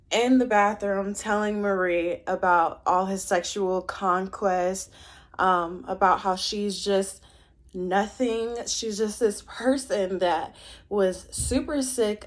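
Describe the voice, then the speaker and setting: A woman talking through a film in a casual, opinionated way. Her delivery is animated, with quick asides, and her voice sits at an ordinary middle pitch for a woman. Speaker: film commentator.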